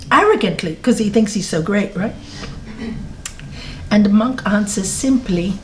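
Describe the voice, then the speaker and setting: A woman's voice: medium pitch, moderate pace, a little mellow, a little hiss or hum. A woman giving a spiritual talk to a live audience in a yoga centre, speaking directly, repeating words for emphasis and asking the audience questions. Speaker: spiritual teacher.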